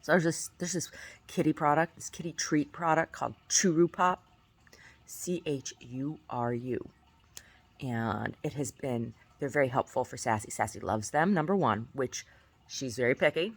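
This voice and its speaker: A woman's voice: rumbling low, normal speed, husky. A woman vlogger chatting casually, giggly, rambling and effusive, often breaking into laughter. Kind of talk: casual chat.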